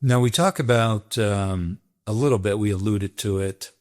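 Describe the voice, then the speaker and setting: A man's voice: fairly low pitch, moderate pace, a little mellow. A male host asking long, meandering questions with fillers in an interview.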